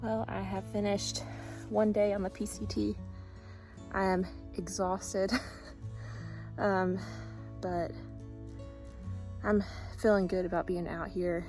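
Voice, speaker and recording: A woman's voice: lowish voice, a little mellow, rough recording. A woman chatting casually in a trail vlog, upbeat and full of fillers, recorded outdoors on a phone. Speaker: thru-hiker vlogger.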